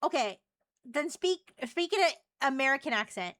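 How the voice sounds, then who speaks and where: A woman's voice: sits high, animated, normal speed, fairly bright tone. A woman streamer teasing and chatting playfully with an AI voice on a live stream. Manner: playful, teasing, flirty questions.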